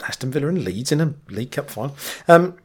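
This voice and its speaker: A man's voice: a little high, lively intonation, fast talker, slightly rough. Dry, wry man on a podcast. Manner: dry, wry asides with frequent ums. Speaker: podcast co-host. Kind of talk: casual chat.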